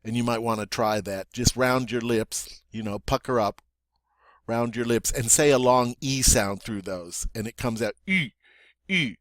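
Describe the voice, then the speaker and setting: A man's voice: medium pitch, steady tone, moderate pace, dry recording, studio quality. A man teaching a French pronunciation lesson, patiently repeating words and checking in with "all right?".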